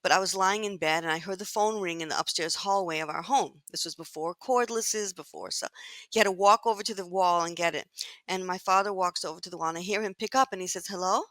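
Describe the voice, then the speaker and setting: A woman's voice: fairly low pitch, fast talker, no room sound. A woman in her sixties, a guest in an interview, telling stories from her childhood and acting out the voices of the people in them. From United States. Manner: animated storyteller who acts out quoted voices. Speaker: guest, longtime magazine editor. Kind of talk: storytelling in an interview.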